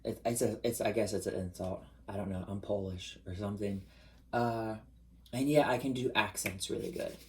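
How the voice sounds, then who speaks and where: Chatty, expressive man talking to camera. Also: moderate pace, rough recording. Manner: chatty and expressive, jumps in pitch for emphasis. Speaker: vlogger. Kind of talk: casual confessional monologue.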